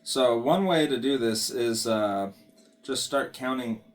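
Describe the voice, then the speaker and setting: Relaxed man teaching guitar over strumming. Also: mid-range voice, takes it slowly. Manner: relaxed, talks while counting beats aloud. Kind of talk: casual guitar lesson. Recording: guitar playing behind the voice.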